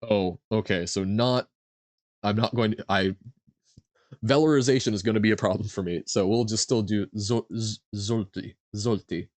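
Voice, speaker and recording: A young man streaming a vocabulary quiz, slowly sounding out foreign words, guessing aloud and laughing at himself. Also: fairly low pitch, dry recording. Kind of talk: casual live-stream chat while playing a vocabulary quiz.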